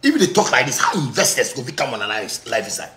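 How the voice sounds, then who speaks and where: Ghanaian man ranting with a bright, sharp tone in an echoey room. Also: mid-range voice, sing-song, fast talker, soft background music. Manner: ranting, repetitive, bursts of shouting. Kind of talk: heated monologue in pidgin.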